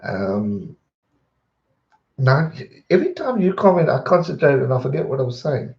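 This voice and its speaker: A young man, chatting casually on a live stream and answering viewer questions in a rambling, relaxed way. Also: medium pitch, moderate pace, creaky. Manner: relaxed, rambling, repeats words when distracted. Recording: dull roomy home stream audio.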